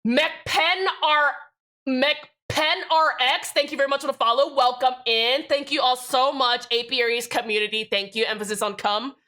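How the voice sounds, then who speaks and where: Young woman, streamer, bright sharp voice, slightly high, sassy, joking, profane. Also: unhurried. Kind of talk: casual live-stream chat.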